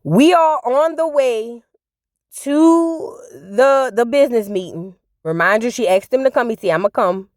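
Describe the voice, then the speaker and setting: A woman's voice: on the high side, unhurried, darkish tone, no room sound, clean studio sound. A woman giving casual, sassy reaction commentary, telling the story in slang and acting out the people she quotes. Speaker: reality TV recap host.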